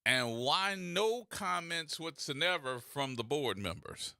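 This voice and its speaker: A man's voice: medium pitch, expressive, slow, gravelly, pushed and bright, dry recording, studio quality. A man hosting a radio talk show, delivering opinionated commentary full of sarcastic rhetorical questions.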